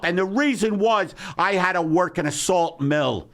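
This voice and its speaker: Comedy podcast host, male, 60s, New York accent, sarcastic rants, bright tone. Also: high-pitched, expressive, moderate pace, few pauses. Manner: ranting, shouting swings, sarcastic. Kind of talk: comedic rant.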